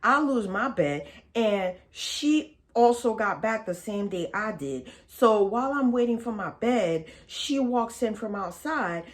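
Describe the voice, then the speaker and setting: A woman's voice: medium pitch, animated, measured pace, hardly any pauses. A woman vlogger telling a storytime in a casual, blunt and profane, chatty way.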